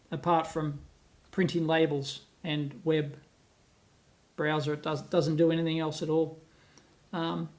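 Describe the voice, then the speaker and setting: An Australian man hosting a casual livestream. He reads viewer comments aloud, laughs often and rambles as he thinks out loud. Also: a little high. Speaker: livestream host. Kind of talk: casual live-stream chat, reading viewer comments aloud. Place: at home on a laptop, away from his office.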